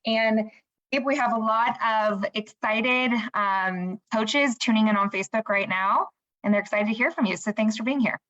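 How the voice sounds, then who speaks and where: A woman's voice: fairly high pitch, moderate pace, a bit bright. A woman hosts a live webinar, thanking the last speaker and introducing the next guest. She is grateful and hesitant, with many ums, and her audio is dull and lo-fi. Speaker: webinar host. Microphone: video call.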